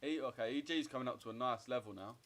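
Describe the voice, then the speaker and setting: A man's voice: mid-range voice, fast, fairly bright tone. A man, chatting loosely and profanely with viewers during a livestream trading session. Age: 20s. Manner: loose, profane banter, answering viewers' chat. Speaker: trading streamer. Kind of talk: casual livestream chat while trading.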